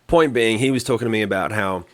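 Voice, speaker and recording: A man co-hosting a podcast with a fairly low voice. He talks bluntly and emphatically and swears freely. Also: quick pace, fairly bright tone. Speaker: podcast co-host. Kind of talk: casual podcast chat.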